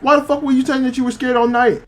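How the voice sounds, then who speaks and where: A man's voice: high voice, sing-song, normal speed, slightly rough, soft background music, heavily acted. A man putting on the voice of a blunt, grumpy and worried male pet dog, asking pointed incredulous questions.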